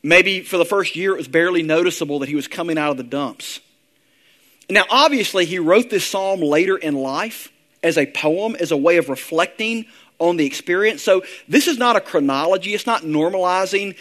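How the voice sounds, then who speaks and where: A man preaching a sermon, earnest, slowing down and softening his voice to read prayers and scripture. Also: sits high, expressive. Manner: earnest, slows down and softens when reading prayers. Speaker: pastor.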